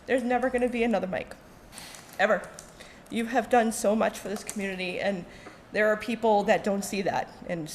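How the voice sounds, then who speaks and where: Woman at a town meeting mic, kinda high voice, choked up, joking and saying um a lot, faint room hum. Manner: tearful, joking, halting with fillers. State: close to tears. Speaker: resident speaking at public comment. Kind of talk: emotional public comment.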